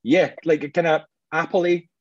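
A man's voice: a little high, steady tone, normal speed, no echo, highs cut off. A Scottish man hosting a whisky tasting, chatting casually in a jokey, self-deprecating way. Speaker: host of a whisky tasting show.

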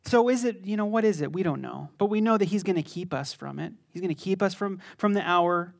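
A middle-aged male pastor preaching a sermon in a conversational, animated way that bursts into sudden intensity. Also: high voice, a little fast, creaky.

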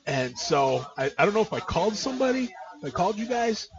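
Lively higher-voiced man, crowd behind. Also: fast. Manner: lively, chiming in with short reactions. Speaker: podcast host. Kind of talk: casual chat. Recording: dull lo-fi audio with crowd noise.

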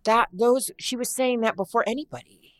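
With a female voice on the high side, a middle-aged actress rambles through a long story as a guest in a casual interview. She halts often and keeps starting over.

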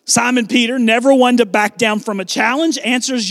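Male pastor, high tenor, dry close sound; lively sermon delivery that acts out scripture dialogue. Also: brisk, dry recording. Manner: animated preaching, acts out biblical dialogue with shifting volume.

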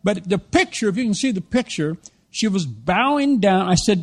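An American man, middle-aged, preaching a sermon as an animated storyteller who acts out the lines he quotes. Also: high voice, moderate pace. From United States.

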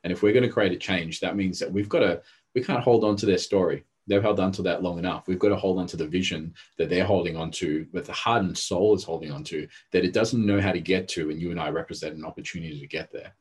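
A man's voice: low-pitched, quick pace, darkish tone, husky. A man, a therapist and coach, telling intense stories in a casual podcast conversation and acting out what people said. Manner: intense, storytelling, acts out quotes.

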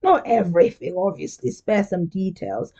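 A woman's voice: on the low side, big pitch swings, moderate pace, dark tone, highs cut off. A young woman hosting a podcast, talking candidly and chattily in a casual monologue, often laughing. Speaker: podcast host.

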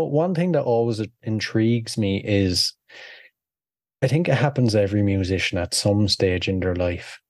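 A man hosting a podcast interview, chatty and quick to laugh. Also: lowish voice, a little mellow, no echo, clean studio sound. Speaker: podcast host. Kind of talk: casual interview.

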